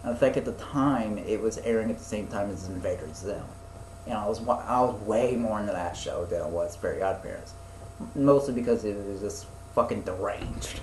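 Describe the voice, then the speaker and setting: A man's voice: fairly low pitch, moderate pace, a little mellow, reverberant, slight background noise, low-quality recording. A young man chatting casually as a podcast co-host, rambling with lots of fillers, restarts and swearing. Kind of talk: casual chat.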